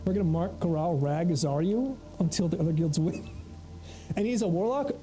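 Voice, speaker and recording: A game streamer rambles through casual livestream chatter, reading chat aloud between plays. The voice sits in a mid range with a mellow, dark tone, loose and full of laughs and casual swearing. Faint music plays underneath. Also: mid-range voice, normal speed, low-quality recording.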